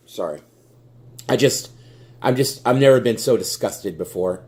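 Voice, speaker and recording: This young sports vlogger's angry rant about his team comes slowly, with long pauses, in a fairly low voice. He curses constantly and stammers, repeating words when he gets riled up.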